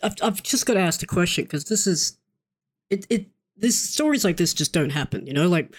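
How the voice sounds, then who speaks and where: Host, mid-pitched, rambling halting questions, casual. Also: animated. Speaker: podcast host. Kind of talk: interview questions.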